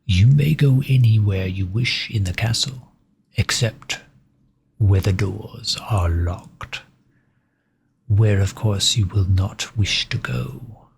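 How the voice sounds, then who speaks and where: A man voicing a courteous old aristocratic male vampire count, in whispered role-play with soft, measured, formal speech. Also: fairly low pitch, creaky, slightly rough, heavily acted. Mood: courtly, ominous.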